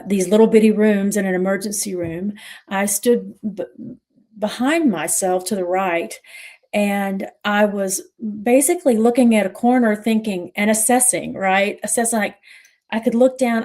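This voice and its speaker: A middle-aged woman moderator telling a personal story on a livestream, earnest and reflective, with pauses and restarts. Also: mid-range voice, a little mellow.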